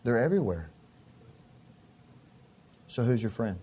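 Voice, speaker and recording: A man's voice: medium pitch, very animated, measured pace, dark tone, slightly rough. A middle-aged man preaching a sermon as a pastor, telling stories in a conversational way and often repeating his phrases.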